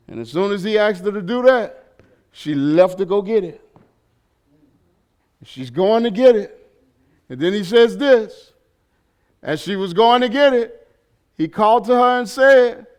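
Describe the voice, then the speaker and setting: A male pastor preaching in a church with a very high voice for a man. His delivery is slow and drawn out, and his sermon often rises into animated shouting. He mixes in humor and call-and-response questions for the congregation.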